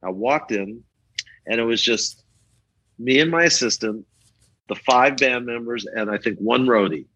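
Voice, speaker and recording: A man's voice: mid-range voice, unhurried, long pauses, slightly rough, poor audio. An older man, a rock photographer, telling stories in a casual interview and acting out the people in them. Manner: animated, acts out the people in his stories.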